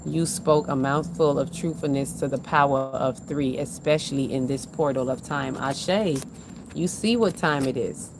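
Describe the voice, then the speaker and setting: A woman's voice: very deep voice, normal speed, background noise. A woman doing a live spiritual card reading, talking in an emphatic, repetitive, preacher-like way with casual slang.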